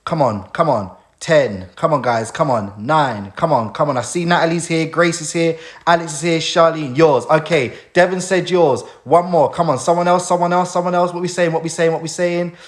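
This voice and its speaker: A man's voice: a little high, moderate pace, hardly any pauses. A man hosting a casual live stream, talking in a heartfelt and emotional way as he thanks people.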